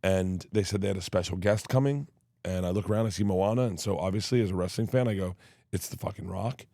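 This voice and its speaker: A man telling wild personal stories as a guest, switching into loud laughing impressions of the people in them. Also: low-pitched, fast talker, creaky, no echo, studio quality. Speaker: guest storyteller. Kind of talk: comic storytelling.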